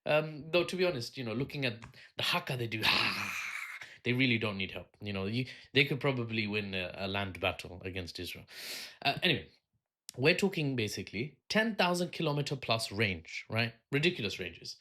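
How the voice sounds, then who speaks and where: A man hosting a solo commentary video at an ordinary, mid-range male pitch. He talks in a sardonic, rambling way, breaking off for asides and filling gaps with ums. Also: expressive, brisk, sharp tone. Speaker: political commentary host.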